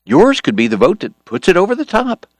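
A man voicing an eager, smooth political organizer. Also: high voice, wildly swooping pitch, a little fast, dry recording, voice pushed up. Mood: persuasive. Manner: eager, persuasive, bright-toned. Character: earnest, smooth-talking male political organizer.

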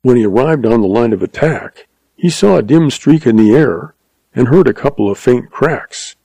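A man reading a story aloud in measured, scripted narration. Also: medium pitch, expressive, mellow, husky, dry recording, rough recording. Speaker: audiobook narrator.

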